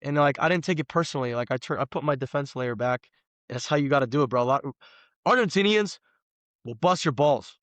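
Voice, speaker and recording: A man, a guest telling animated, slangy stories on a casual podcast. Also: medium pitch, a little fast, no echo. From Los Angeles, USA. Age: 20s. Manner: animated storyteller, slangy, says "bro" often.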